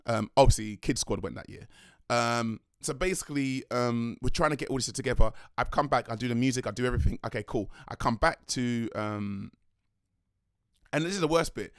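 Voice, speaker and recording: A young man, a dance crew leader telling a rambling, excitable story in a vlog. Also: mid-range voice, no echo, clean studio sound. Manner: rambling, excitable, slangy, self-correcting.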